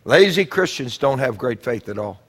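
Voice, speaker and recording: Fiery preacher, quiet to shouting. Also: male voice, mid-range voice, very animated, moderate pace. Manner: swings from quiet teaching to loud shouted exhortation; repeats phrases for emphasis. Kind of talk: sermon.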